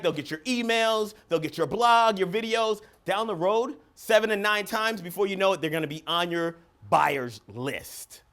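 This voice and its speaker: A man giving an energetic, emphatic motivational talk as a coach at a live seminar. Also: high voice. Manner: energetic, emphatic, acts out phone calls. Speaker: business coach and seminar speaker. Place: seminar room with live audience.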